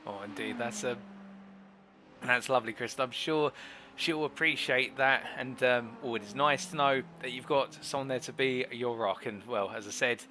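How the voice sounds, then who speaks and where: A man's voice: mid-range voice, normal speed, bright, forceful tone, slight background noise. A man hosting a live sim racing broadcast, interviewing drivers in formal, flowing commentary phrasing.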